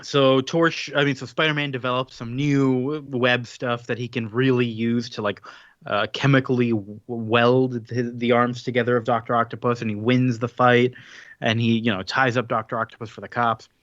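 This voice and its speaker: A man's voice: mid-range voice, little pitch movement, moderate pace, fairly bright tone, no echo, dull audio. A man co-hosting a podcast, casually retelling a comic story with a rambling delivery and frequent laughs. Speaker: podcast co-host. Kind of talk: casual chat recapping a comic.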